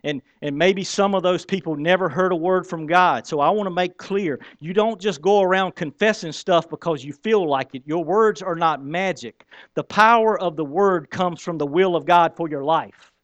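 A man preaching a sermon in an animated, conversational storytelling manner. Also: sits high, normal speed, hardly any pauses, no echo, dull audio. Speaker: pastor.

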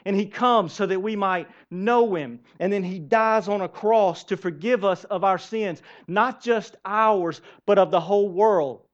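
High-voiced male pastor preaching. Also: a little slow, few pauses. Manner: animated preaching with rhetorical questions to the congregation. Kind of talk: sermon. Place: church. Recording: dull lo-fi sermon recording.

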